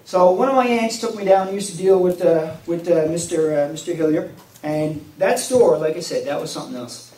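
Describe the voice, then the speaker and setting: A man's voice: fairly high pitch, moderate pace. Newfoundland man telling a folksy story. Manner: folksy, warm-hearted, lively with laughs. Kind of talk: told personal story at a live event. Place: community hall at a Christmas event. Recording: echoey room, mic at a distance, faint noise.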